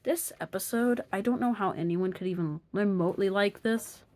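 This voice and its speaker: A woman's voice: mid-range voice, moderate pace, a little mellow. Sarcastic woman reviewing cartoon episodes. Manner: sarcastic, exasperated, drops to mutters. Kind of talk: opinion review voice-over.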